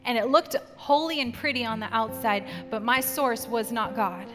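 A woman's voice: a little high, moderate pace. A middle-aged woman preaching a sermon and telling a personal story in an earnest way, acting out voices as she quotes them. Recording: long hall reverb with music behind. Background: soft guitar music.

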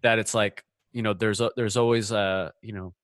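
A podcast host talks casually and rambles, full of restarts, fillers and "you know." His voice is fairly low with fairly even intonation, a moderate pace and a fairly bright tone, recorded dry in a clean studio.

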